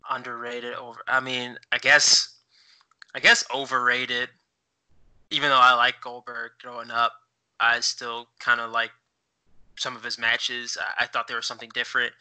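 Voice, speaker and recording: A man's voice: medium pitch, monotone, normal speed, bright, forceful tone, clean tone, low-quality recording. A man co-hosting a podcast in casual chat, rambling with many fillers as he looks things up while talking. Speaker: podcast co-host.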